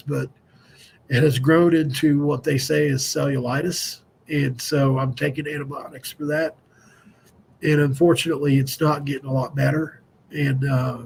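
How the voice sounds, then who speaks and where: Middle-aged virginia guy on a live stream, gravelly and a bit high, just rambling candidly. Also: a little hiss or hum. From West Virginia. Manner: candid and self-deprecating, loose and digressive. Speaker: host of a fan show.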